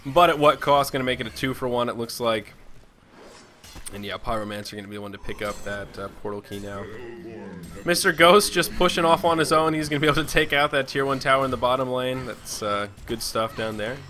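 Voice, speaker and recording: A man's voice: mid-range voice, a little fast, sharp tone. A man casting an online game match, joking and chatty between calls of the action. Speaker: esports caster. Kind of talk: play-by-play game commentary.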